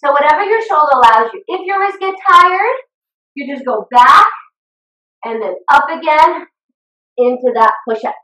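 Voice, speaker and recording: A woman fitness instructor runs a live online workout over a video call, exercising along as she coaches. Out of breath, she gives steady, encouraging cues in a high-sitting voice at normal speed, pausing often. The sound is roomy, picked up from away from the mic.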